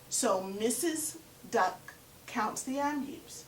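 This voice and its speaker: A woman telling a folktale in a lively way, inviting listeners to count along. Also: high-pitched, slow, a little hiss or hum. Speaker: storyteller. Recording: roomy echo from far off.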